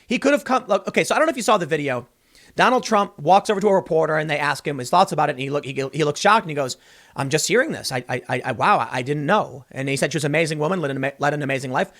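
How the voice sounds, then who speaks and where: High-voiced man doing political commentary. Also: rapid-fire, fairly bright tone. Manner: reads news excerpts, then breaks in with casual remarks; casual slang like "dude" and "man". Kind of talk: political commentary, reading news aloud.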